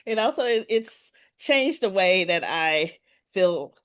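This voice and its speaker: A woman's voice: medium pitch, takes it slowly, clean tone. Chatty woman telling a story on a panel. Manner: chatty, animated retelling with quoted voices. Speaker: panel speaker, scientist. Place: event room with an audience.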